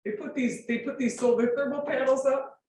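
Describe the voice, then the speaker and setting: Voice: sits high, fairly even intonation, brisk, background noise. Forum speaker, informal lecture with slides, emphatic, rhetorical questions, distant from the mic, big echoey room, faint background ambience. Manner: emphatic, rhetorical questions, checks listeners follow.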